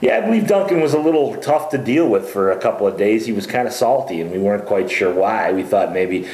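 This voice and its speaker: A man's voice: lowish voice, animated, a little fast, a little mellow. A man hosting a casual sports chat show, teasing his co-host with jokes. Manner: joking, teasing banter. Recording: roomy echo.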